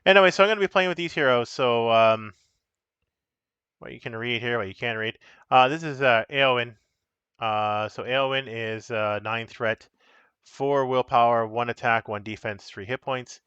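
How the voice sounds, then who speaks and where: A man's voice: medium pitch, moderate pace, bright, forceful tone, clean tone, dry recording, lo-fi sound. Rambling man streaming a card game. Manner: rambling, self-correcting, chatty with viewers. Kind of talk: casual live-stream chat.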